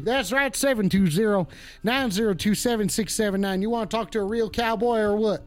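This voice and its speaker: Very high-voiced man doing a foul-mouthed cowboy. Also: fairly quick, faint music behind. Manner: playing a swearing, touchy cowboy persona with a put-on drawl; rambling, profane, reacts to chat. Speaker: call-in show host on a live stream. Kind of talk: in-character comedic live-stream banter.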